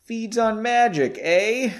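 A bold young male mage speaks with defiant emphasis, as a man reading aloud puts him on. His voice is lifted and lively. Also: high-pitched, takes it slowly, voice pushed up, full character voice. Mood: musing.

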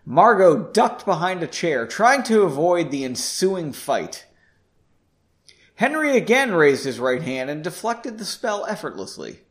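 A man's voice: on the high side, very animated, unhurried. A man hosting a podcast, reading a novel aloud with chatty, self-deprecating asides. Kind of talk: casual story reading with asides.

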